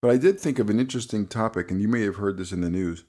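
A man co-hosting a casual podcast, rambling and halting, laughing easily and stumbling over words. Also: on the low side, dark tone. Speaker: podcast co-host. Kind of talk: casual chat.

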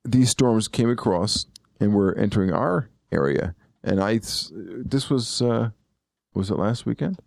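Male host, low gravelly voice, rambling and self-correcting, dry close sound. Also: unhurried, darkish tone, no echo. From eastern Pennsylvania. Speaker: podcast host. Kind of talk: casual chat.

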